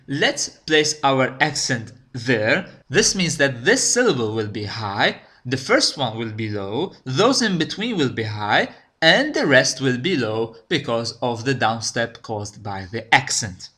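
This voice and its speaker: A man giving a recorded lecture, explaining step by step in a slow, deliberate way and checking in with "okay?". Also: mid-range voice, bright, forceful tone. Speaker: language teacher.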